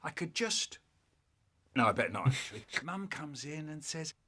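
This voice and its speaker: Husky older man telling a lively comic story. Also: on the high side, normal speed. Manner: animated, acts out every character with big voices and exaggerated sounds.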